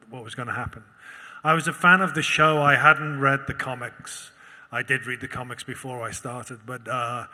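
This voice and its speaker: A man's voice: mid-range voice, bright, forceful tone. A man from the United Kingdom answering questions as an actor on a convention panel, thoughtful and rambling, with many restarts. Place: large convention auditorium. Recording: long hall reverb.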